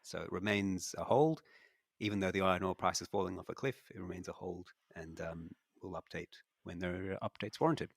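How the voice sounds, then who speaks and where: A man's voice: deep voice, a little fast, vocal fry, no room sound, studio quality. A man with an Australian accent talking through stock analysis on a podcast, rambling with lots of restarts and fillers. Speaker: investment analyst co-host. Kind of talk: casual podcast discussion.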